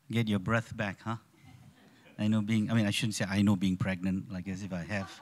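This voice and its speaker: A man's voice: mid-range voice, fairly bright tone. Friendly pastor joking with his congregation. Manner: friendly, jokey, rhetorical questions. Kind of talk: sermon. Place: church hall.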